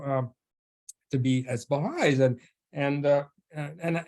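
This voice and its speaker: A man speaking as a guest at a faith forum, telling a story in a halting way with many restarts and frequent laughter. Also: fairly high pitch, a little mellow. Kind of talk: storytelling talk.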